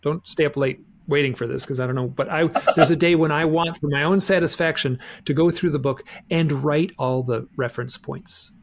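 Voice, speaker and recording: Gravelly man rambling with restarts. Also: on the high side, brisk, hardly any pauses, slight background noise. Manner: rambling, many restarts and repeated words. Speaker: guest author. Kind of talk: casual interview chat.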